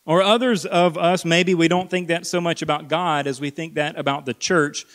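With fairly even intonation and a moderate pace, a pastor delivers a sermon in a slightly higher-than-usual voice. Earnestly, he repeats words to stress them and lowers to a hush at key moments.

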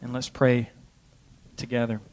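A man's voice: medium pitch, monotone, a little slow, darkish tone. A male pastor praying and then preaching in a church, earnest and given to repeating phrases for emphasis. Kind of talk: sermon with opening prayer.

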